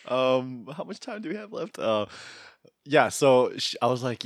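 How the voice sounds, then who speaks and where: A man's voice: medium pitch, sing-song, measured pace, dry recording, clean studio sound. A man in his thirties, co-hosting a podcast, telling a rambling, self-deprecating story in casual chat. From Canada. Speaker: podcast co-host.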